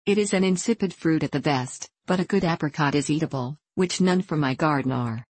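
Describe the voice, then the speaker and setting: A woman's voice: deep voice, fairly quick, a little mellow, slightly rough, no echo. A woman reading an audiobook voices a blunt middle-aged clergyman with a curt, sardonic manner.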